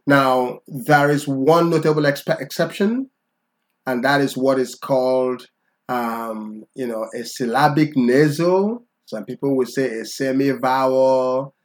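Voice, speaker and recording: A man teaching tones in a relaxed, conversational lesson, patiently checking in with okay? after each point. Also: medium pitch, slow. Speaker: language teacher.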